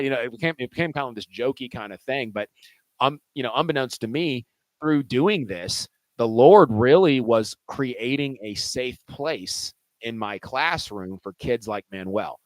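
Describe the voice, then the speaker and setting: A man's voice: mid-range voice, expressive, normal speed, no room sound, rough recording. A male teacher telling a classroom story in a casual, conversational way, full of "you know" and restarts.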